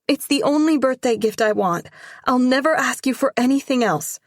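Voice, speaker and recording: Woman doing a high, pleading teenage girl. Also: big pitch swings, measured pace, no echo, studio quality. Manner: breathless, begging, high.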